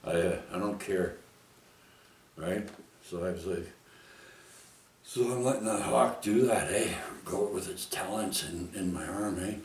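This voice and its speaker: Slow, deep-voiced man rambling. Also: far from the mic, slight background noise. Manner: rambling, with frequent "eh?" and "right?" tags. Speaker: vlogger telling a personal story. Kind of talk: casual storytelling. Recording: echoey room, off the mic.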